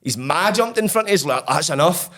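A man's voice: high voice, expressive, a little fast, a bit bright. A Scottish man telling his own story as an interview guest, blunt and profane, acting out old conversations.

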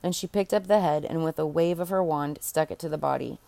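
A woman's voice: sits low, fairly quick, creaky, dark tone, no echo. A woman reading a fairy tale aloud in an unpolished way, stopping to restart and correct herself. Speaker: audiobook reader. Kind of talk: storybook narration.

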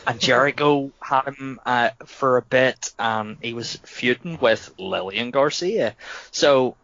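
A man's voice: medium pitch, slow, no room sound, highs cut off. A man co-hosting a casual wrestling podcast, telling stories with lots of laughter. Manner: laughing, animated storytelling. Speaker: podcast co-host.

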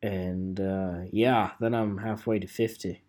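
A man's voice: sits low, fairly even intonation, slow pace, darkish tone. A man in his twenties hosting a solo podcast, rambling in a joking, self-mocking way with fillers and swearing. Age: 20s. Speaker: podcast host.

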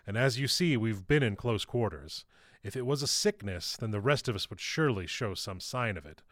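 A man voicing a calm, white-haired old male actor who leads a troupe, speaking in a deep, practised and florid theatrical manner. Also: moderate pace, dry recording, studio quality. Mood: courtly. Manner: florid, courteous.

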